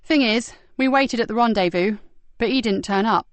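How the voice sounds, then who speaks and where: A woman narrator voicing a blunt female police constable who speaks plainly and briskly. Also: on the high side, dry recording, close to an everyday voice. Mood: worried.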